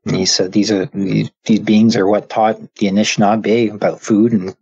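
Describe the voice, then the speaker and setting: A man with a fairly low voice casually retells a story he heard from someone else. He speaks in a halting way, stopping and restarting with many fillers. The recording sounds dull and lo-fi. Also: flat delivery, a little mellow, slightly rough, faint music behind. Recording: dull lo-fi audio.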